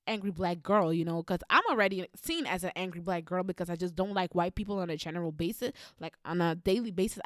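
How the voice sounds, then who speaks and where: A woman's voice: fairly low pitch, no echo, studio quality. A woman vlogger telling a personal story in a blunt, heated manner, swearing constantly. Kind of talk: storytelling monologue.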